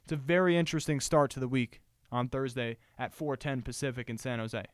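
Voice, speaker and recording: A man's voice: mid-range voice, brisk, no echo, clean studio sound. A man hosting a sports show on his own, giving emphatic commentary and repeating his points for stress.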